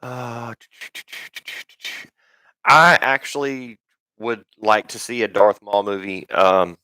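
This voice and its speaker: A man's voice: on the low side, steady tone, unhurried, fairly bright tone, clean tone, no room sound, poor audio. A man hosting a live stream, rambling and swearing in casual talk, full of ums and restarts.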